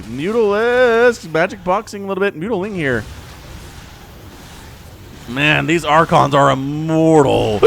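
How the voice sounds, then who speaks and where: A man calls a real-time strategy match by himself, his voice leaping up and down and sitting a little high. He talks in an excitable, chatty way with jokes on the side and a case of the hiccups. Soft music plays faintly under him. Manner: excitable, laughs often, chatty asides. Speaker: game commentator. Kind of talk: solo esports play-by-play commentary.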